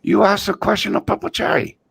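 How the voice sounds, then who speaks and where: A man voicing a little old man who talks in clipped, broken English, calm and wise, while telling a joke. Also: sits low, drawn-out words, heavily acted. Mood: wise, insistent. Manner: clipped broken phrasing, sing-song.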